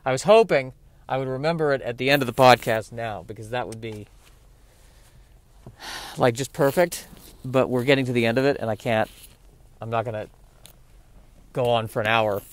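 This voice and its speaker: A man's voice: medium pitch, moderate pace, long pauses. A man doing a solo comedy podcast monologue, rambling and mocking himself while he struggles to remember a name. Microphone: podcast mic.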